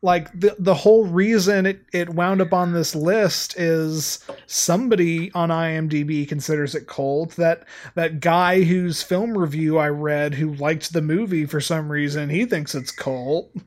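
A man's voice: a little high, fairly even intonation, measured pace, few pauses, darkish tone. A man co-hosting a film podcast in casual chat, emphatic and opinionated, often restarting his sentences. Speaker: podcast co-host.

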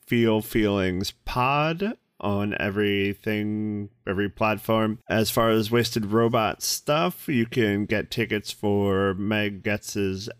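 A man's voice: lowish voice, takes it slowly, clean tone, dry recording, clean studio sound. A man reading the show's announcements as a podcast host, in a plain promotional way. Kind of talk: scripted announcement read.

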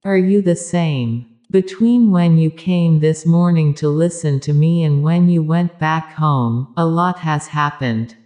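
A woman giving a measured spiritual discourse, speaking directly to her listeners. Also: low voice, warm tone.

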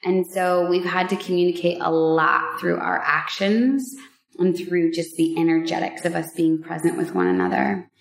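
A woman on a vlog, telling a personal story in a casual, heartfelt way, with emotional pauses and many fillers. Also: on the low side, level tone, vocal fry, echoey room. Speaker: vlogger sharing a personal story.

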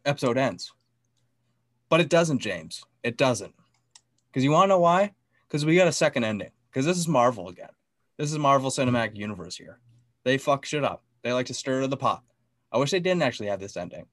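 A man co-hosting a podcast, excitedly recapping a TV episode in casual chat, swearing often and acting out the scenes. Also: medium pitch, fairly quick, no echo, clean studio sound. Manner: excitable, profane, acts out scenes. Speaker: podcast co-host.

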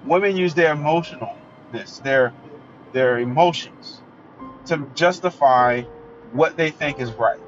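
A man's voice: on the high side, unhurried. A man giving a blunt, emphatic, opinionated solo monologue as a commentator. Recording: dull lo-fi recording with faint music.

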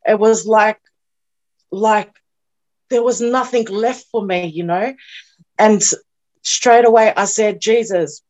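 A young New Zealand woman, an interview guest, gives an emotional personal testimony, earnest and halting, often repeating herself and at times near tears. Her voice is medium-pitched and a little mellow, with the highs cut off.

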